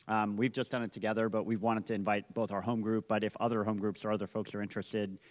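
Man, low voice, brisk church announcement, long hall reverb. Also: level tone. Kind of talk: announcement to a congregation.

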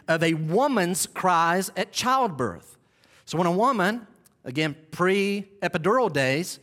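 A male pastor preaching with a high, bright voice that swings widely as he tells a story. He teaches in an animated, dramatic manner and leans hard on key words. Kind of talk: sermon.

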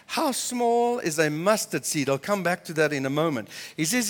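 Here the pastor's voice sits on the high side, animated and a little fast, echoing through a reverberant church hall. His sermon is passionate and emphatic, with words repeated as the intensity climbs.

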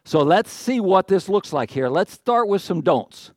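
This middle-aged pastor has a high-sitting, darkish voice with big pitch swings, speaking at a measured pace and out of breath. His sermon feels like a conversation, with asides, self-deprecating jokes, and questions aimed at the congregation. The recording is studio quality, no echo.

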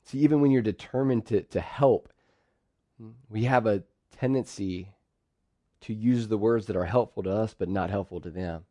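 Low-voiced man preaching with lively bursts. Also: moderate pace, no echo. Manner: lively, acts out quoted phrases in bursts. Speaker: pastor. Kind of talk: sermon.

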